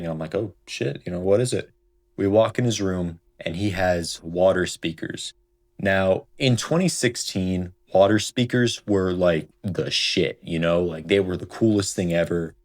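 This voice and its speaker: A young man with a very low voice tells a childhood story straight to camera. He rambles in a loose, casual way and keeps dropping "like" and "right?" into his sentences. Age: young adult. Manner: rambling, heavy on fillers like "like" and "right?". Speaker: storytime vlogger.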